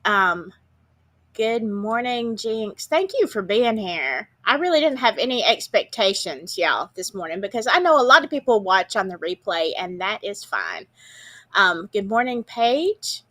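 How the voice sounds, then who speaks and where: A woman's voice: mid-range voice, very animated, moderate pace, bright, forceful tone. A woman hosting a casual livestream from home, chatty and greeting viewers by name, her voice congested with a morning cold. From Southern United States. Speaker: livestream show host. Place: home, indoors.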